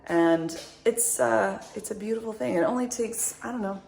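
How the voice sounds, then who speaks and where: A woman's voice: mid-range voice, moderate pace, creaky, darkish tone, a little hiss or hum. A woman in her thirties chatting casually to her viewers in a vlog, upbeat and rambling, with lots of likes and ums. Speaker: vlogger, mother.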